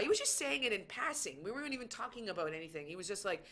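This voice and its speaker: Woman, comedian guest, casual chat, bright voice, animated storyteller. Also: medium pitch, fast talker. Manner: animated storytelling, acts out quoted lines.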